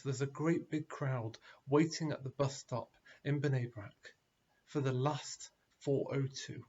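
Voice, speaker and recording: A man giving a sermon as a rabbi, telling a story in an animated way, in a dull lo-fi recording. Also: mid-range voice.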